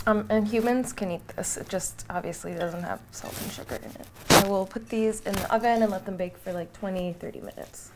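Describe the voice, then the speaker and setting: A woman's voice: medium pitch, fairly quick, few pauses, background noise. A young woman in casual vlog chat, talking through a baking recipe in her home kitchen and chatting to her dog along the way. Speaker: vlogger.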